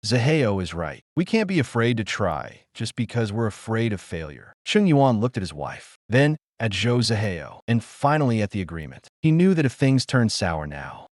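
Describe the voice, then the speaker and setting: A man reading a dramatic story aloud, voicing every character in one steady narrating voice. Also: medium pitch, no echo, clean studio sound.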